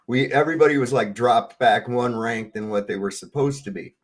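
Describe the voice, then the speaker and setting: A man in casual chat, telling an army story in an animated way and acting out the voices of the people in it. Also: medium pitch, brisk. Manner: animated anecdote teller, acts out the voices he quotes.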